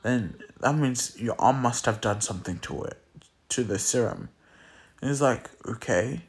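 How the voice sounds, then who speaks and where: A man's voice: mid-range voice, expressive, normal speed, slightly rough. A man casually retelling a fan story, rambling with lots of fillers and restarts, sounding tired.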